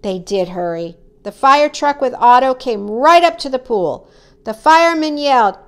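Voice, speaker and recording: A woman reading a children's story aloud, acting out the characters with high, excited cries. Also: normal speed, clean tone.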